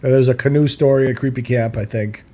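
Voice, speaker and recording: A man's voice: mid-range voice, fairly even intonation, fast, warm tone, dull audio. A man co-hosting a podcast, joking in a mock-formal way. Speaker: podcast co-host. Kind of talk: casual podcast chat.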